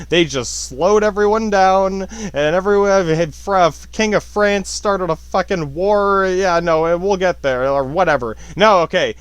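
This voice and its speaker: A man's voice: high-pitched, clear, resonant tone, no echo. A man in his thirties hosting a podcast, rambling through science in a profane monologue, cutting himself off and laughing often. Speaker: podcast host.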